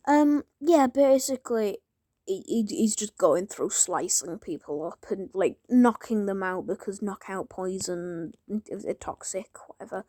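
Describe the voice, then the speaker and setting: A woman rambling through a fan theory in a casual monologue, often restarting her sentences and sometimes whispering asides. Her voice has a gravelly fry, and the recording is dry and close. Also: mid-range voice, animated, unhurried, mellow, dry recording. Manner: rambling, self-interrupting, drops into whispers. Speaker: fan theorizing about a crossover.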